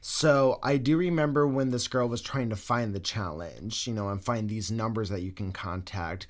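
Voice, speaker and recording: A man co-hosting a podcast, telling a story in casual chat, animated and swearing freely. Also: lowish voice, moderate pace. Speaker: podcast co-host.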